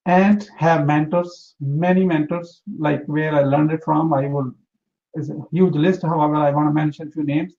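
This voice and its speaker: Earnest high-voiced man giving advice. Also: steady tone, normal speed, mellow, muffled recording. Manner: earnest, emphatic, repeats for emphasis. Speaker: interview guest, entrepreneur. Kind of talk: motivational interview talk.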